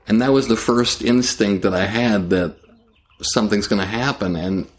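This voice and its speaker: A comedian telling a story in conversation, acting out scenes with frequent restarts. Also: male voice, fairly low pitch, normal speed. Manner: animated, acts out scenes, trailing restarts.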